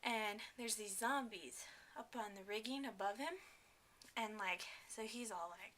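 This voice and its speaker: Bright, chatty young woman vlogging. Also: medium pitch, a little slow. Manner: chatty and enthusiastic, with many fillers and asides. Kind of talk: casual talk to camera.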